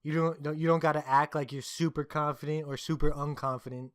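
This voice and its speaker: A man's voice: on the high side, flat delivery, a little fast, dry recording, clean studio sound. A young man co-hosting a casual podcast, teasing his friend and telling profane stories with frequent laughs. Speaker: podcast co-host.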